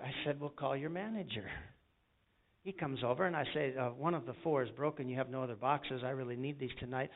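A man's voice: medium pitch, brisk, narrow, tinny audio. A man preaching a sermon with call-and-response and folksy stories, from the United States. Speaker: pastor.

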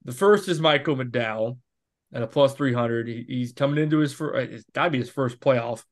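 A man in his thirties talks through his picks as a podcast co-host, thinking aloud and often restarting his sentences. His voice sits in an ordinary middle pitch. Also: a little fast. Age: 30s. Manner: rambling, self-correcting, thinks aloud. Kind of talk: casual sports betting chat.

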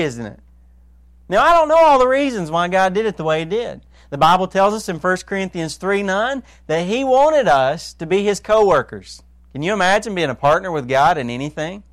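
A pastor preaching a sermon in an earnest way, dropping to a hush and rising to emphasis, often putting questions to his listeners. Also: sits high, expressive, normal speed, no echo. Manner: earnest, swings between hushed and emphatic; asks listeners direct questions.

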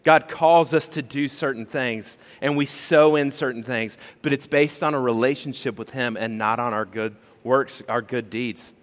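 A male pastor preaches in a conversational, animated style, tossing rhetorical questions at his congregation. His voice sits at an ordinary middle pitch. A long reverb from a large church hall hangs on every phrase. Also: moderate pace, hardly any pauses. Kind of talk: sermon.

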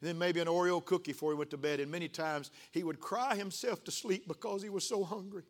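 An older male pastor preaching a sermon, emotional and building to excited outbursts. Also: high voice, fast talker.

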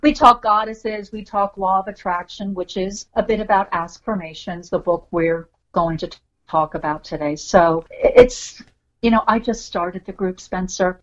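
A woman guest on a podcast, talking with lively enthusiasm and acting out little voices as she explains. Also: lowish voice, dull audio. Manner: animated, enthusiastic, acts out voices in stories. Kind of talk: casual interview chat.

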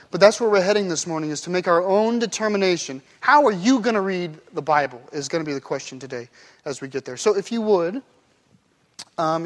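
Guy preaching in church, jokey, keeps acting out how phrases sound. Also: sits high. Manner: playful, acts out phrases in varied tones. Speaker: pastor. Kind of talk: sermon. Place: church sanctuary.

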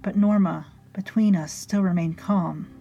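A woman narrating a story in a measured, dryly amused way. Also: lowish voice, fairly even intonation, gravelly, mellow. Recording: faint music behind.

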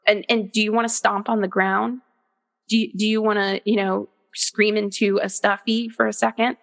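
A woman in her thirties or forties, speaking as an interview guest in an earnest, animated way. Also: mid-range voice, moderate pace, vocal fry, big-room sound. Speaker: guest, author. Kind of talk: conversational interview.

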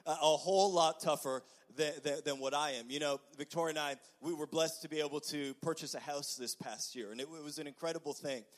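A young man preaches in an animated storytelling style, his voice sitting a little high for a man. He stumbles through quick restarts and keeps checking in with the crowd with "okay?". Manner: animated, frequent "okay?" asides, stammered restarts. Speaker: pastor. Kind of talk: storytelling sermon.

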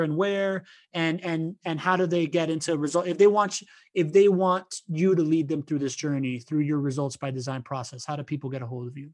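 A man hosting a podcast interview, enthusiastic and full of stumbling restarts. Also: fairly high pitch. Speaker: podcast host. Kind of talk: casual interview talk.

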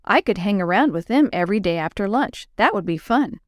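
A woman's voice: mid-range voice, expressive, brisk, no echo, studio quality, lightly acted. A woman voicing an earnest, honest young schoolboy in a storybook reading. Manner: earnest, plain storybook dialogue.

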